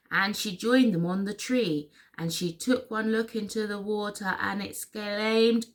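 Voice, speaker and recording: A woman reading a children's picture book aloud for storytime in an expressive, sing-song way. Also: mid-range voice, a little slow, hardly any pauses. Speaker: story reader.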